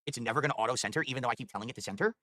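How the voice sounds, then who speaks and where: A male streamer rattles on at a very fast clip, exasperated and swearing as he goes. His voice is bright and a touch high, and it sounds dry and close with no room around it. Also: dry recording. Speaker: livestreamer. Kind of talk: live stream chatter.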